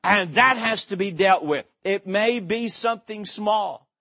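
Male pastor, high-pitched, emphatic sermon delivery, slightly muffled dry recording. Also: measured pace, creaky, sharp tone, no room sound. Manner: emphatic storytelling preacher, repeats phrases. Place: church pulpit.

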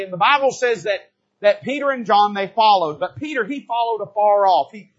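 A man preaching a sermon from a church pulpit, swinging from soft, low asides to loud, emphatic rises. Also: husky. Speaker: pastor. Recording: dull lo-fi church recording.

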